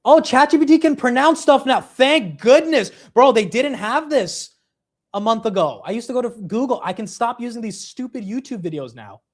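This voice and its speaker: A young man hosting a casual livestream, laughing at himself and reacting quickly to the chat. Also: very high-pitched. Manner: animated, self-mocking, reacting to chat. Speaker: livestream host.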